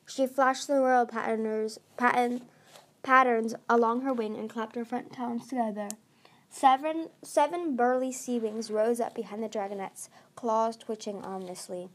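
Woman reader, slightly high voice, steady narration with stumbles and self-corrections. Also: moderate pace. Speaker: storybook reader. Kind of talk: reading a novel aloud.

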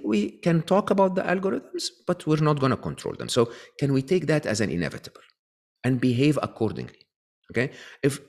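Lower-voiced man making his point. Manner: frequent tag questions and restarts. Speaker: guest author. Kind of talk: conversational interview explanation.

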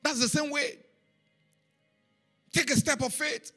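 Delivering a sermon at a slow pace, a man with a high, bright, ringing voice tells his story animatedly, repeating phrases and chanting syllables for emphasis. Soft, faint music plays in the background.

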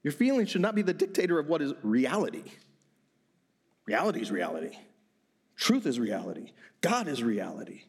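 Animated middle-aged male pastor preaching. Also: a little high, breathy edge. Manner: animated preaching with quick bursts and repeated words. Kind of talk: sermon.

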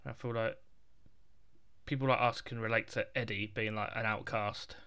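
A man with an English accent in easy conversation. He keeps his replies brief and slips in dry jokes, sounding relaxed throughout. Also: on the low side, moderate pace, clear, resonant tone. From England. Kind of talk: casual chat.

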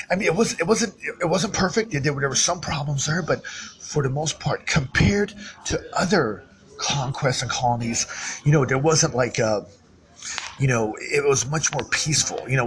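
A man's voice: mid-range voice, a bit bright, low-quality recording. A man talking alone in an unscripted, rambling monologue, full of fillers, restarts and repetition.

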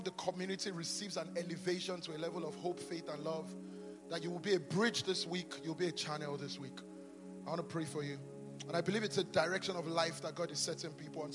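A pastor leading a sermon altar call and prayer in a large church, fervent and repeating blessings over and over. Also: male voice, a little high. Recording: long church reverb with music behind.

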